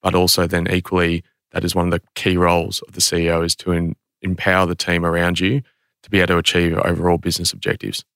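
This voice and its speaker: A man, a company CEO, answering as a podcast guest in a measured, thoughtful way. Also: sits low, monotone, fairly bright tone, clean tone, dry recording, studio quality. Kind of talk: interview answers.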